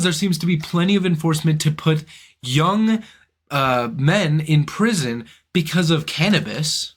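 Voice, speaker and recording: A man's voice: on the high side, expressive, unhurried. A young man hosting a philosophy channel, delivering an indignant, profane rant to camera full of rhetorical questions. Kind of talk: ranting monologue to camera.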